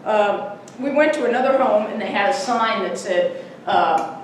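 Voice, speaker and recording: A woman's voice: medium pitch, moderate pace, slight background noise. Woman telling stories in an echoey church. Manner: lively storyteller, acts out voices in anecdotes. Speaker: guest speaker. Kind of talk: Sunday talk with personal stories. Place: church sanctuary. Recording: echoey hall, mic from far off.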